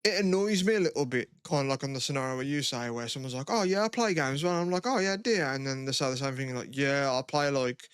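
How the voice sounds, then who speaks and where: A young man chats loosely on a podcast, drifting between thoughts and swearing freely. His voice is smooth and clear, recorded dry and close with no room around it. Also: medium pitch, fast talker, few pauses, dry recording. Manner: laid-back, swearing, rambling with lots of "like". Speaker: podcast co-host. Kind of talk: casual chat.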